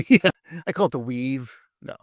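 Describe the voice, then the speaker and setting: A man's voice: mid-range voice, animated, a little slow, a little mellow, dry recording, clean studio sound. A man co-hosting a casual podcast, joking and rambling with lots of fillers. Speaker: podcast co-host.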